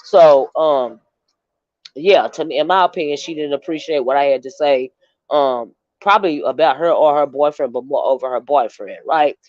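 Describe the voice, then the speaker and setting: A woman livestreamer with a deep voice and darkish tone rambles chattily through stories at a moderate pace as casual stream commentary. Her home mic gives muffled, dull, dry lo-fi audio.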